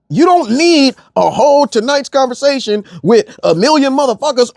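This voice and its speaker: A man's voice: extremely high pitch, brisk, hardly any pauses, darkish tone, no room sound, clean studio sound. A young man delivering a blunt, profane rant as an online commentator, repeating phrases for emphasis. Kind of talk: ranting monologue.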